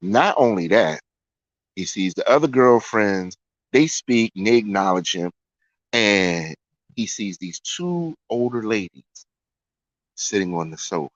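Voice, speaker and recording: A man's voice: fairly low pitch, big pitch swings, a little slow, dry recording. A man telling a story in a casual way, often repeating lines for effect. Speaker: storyteller host. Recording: dry, dull lo-fi sound.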